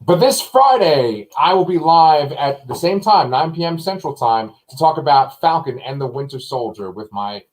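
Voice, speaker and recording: A man in his late thirties hosts a casual live review show from home. He talks in an animated, rambling way, and his voice swings widely up and down in pitch. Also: moderate pace, few pauses, poor audio. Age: 30s. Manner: animated, laughs a lot, mimics lines in a high voice. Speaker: host.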